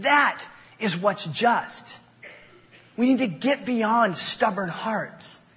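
In his sermon, this young pastor weaves scripture lessons together with self-deprecating, playful tales from his boyhood, switching voices quickly. His voice is high-pitched and a bit bright, and the recording sounds dull in an echoey hall.

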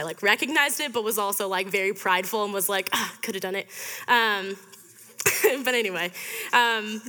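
Young woman, storytelling sermon, chatty and upbeat, bright tone, long hall reverb. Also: medium pitch. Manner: chatty, upbeat, many fillers and laughs. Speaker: speaker at a student fellowship.

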